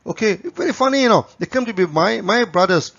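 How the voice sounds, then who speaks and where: A man's voice: high voice, animated, fast talker, vocal fry, fairly bright tone. A man, a company founder telling anecdotes in a promotional talk to camera, tagging his sentences with "you know". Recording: dull lo-fi recording.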